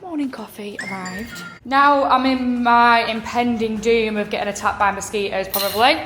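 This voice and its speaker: A woman's voice: fairly high pitch, fairly even intonation, moderate pace, fairly bright tone, a little hiss or hum. A young woman from England with an English accent, chatting casually to her phone camera in a travel vlog, gushing and filler-heavy. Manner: chatty, gushing, lots of "like" and "oh my God". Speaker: travel vlogger.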